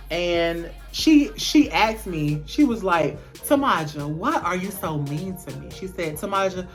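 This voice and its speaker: A woman's voice: lowish voice, fairly bright tone. Candid, casual young woman vlogger. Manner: candid, casual, profane, lots of "um" fillers. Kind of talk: storytime vlog.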